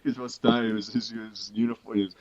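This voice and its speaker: Talking fast in a lowish voice with little pitch movement, a man guesting on a podcast spins out a long, casual, rambling story. Swearing comes freely, fillers and restarts are everywhere, and the audio is dull and lo-fi.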